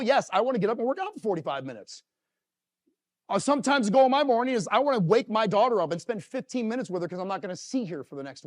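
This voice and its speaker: A middle-aged man giving a live motivational talk to a company audience, telling emotional stories and swinging from loud to hushed. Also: sits high. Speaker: motivational speaker.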